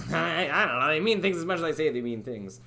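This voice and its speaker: A man's voice: fairly high pitch, animated, a little fast, vocal fry, bright, forceful tone. A man streaming live, chatting casually and rambling, doubting himself and laughing at his own attempts. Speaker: streamer making a game. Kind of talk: casual livestream chat.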